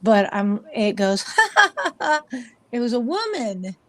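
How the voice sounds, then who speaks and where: A woman talks casually in an interview about her paranormal investigation work, spinning meandering, chatty stories and voicing the characters in them. She has a high-leaning, sing-song voice, slow and a bit bright, recorded with no echo.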